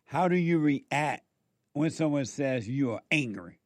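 Slow, preachy man with rhetorical questions. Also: a little high, lively intonation, no echo, studio quality. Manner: repeats rhetorical questions, pauses for answers; acts out quoted back-and-forth dialogue. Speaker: speaker addressing listeners. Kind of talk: preachy spoken monologue.

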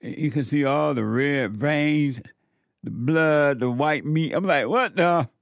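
A man's voice: on the high side, slow pace, vocal fry, dry recording. A man hosting a commentary show, preaching emphatically and telling stories from his youth. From southern United States. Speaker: commentary host.

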